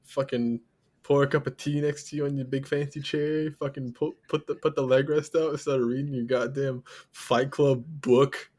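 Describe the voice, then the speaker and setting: Husky, teasing young man. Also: medium pitch, little pitch movement, moderate pace, a little mellow. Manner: profane, teasing, laughing. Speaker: podcast co-host. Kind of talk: casual chat.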